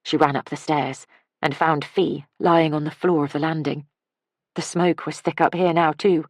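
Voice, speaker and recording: An audiobook narrator, a woman with a low-pitched voice, reads scripted narration in a calm, measured storytelling style. The recording has clean studio sound with no room echo.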